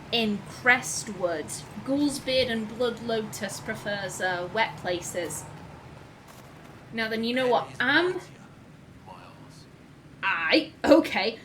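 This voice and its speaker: A chatty woman hosting a let's play, gushing and musing over gameplay with lots of fillers and restarts. She talks slowly in a fairly high voice. A faint hiss of noise sits behind her. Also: animated, pushed and bright. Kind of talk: casual gameplay commentary.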